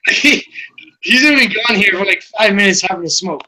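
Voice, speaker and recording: Host, male, bright forceful tone, rambling swear-heavy storyteller. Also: high voice, expressive, moderate pace, slight background noise. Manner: rambling, profane, laughing through the story. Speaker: podcast host. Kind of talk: casual storytelling among friends.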